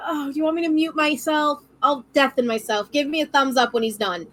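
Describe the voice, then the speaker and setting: A woman's voice: high voice, steady tone, a little fast, a bit bright, poor audio. A woman co-hosting a casual livestream chat, playful and giggly as she reads out donations. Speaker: co-host reading donations.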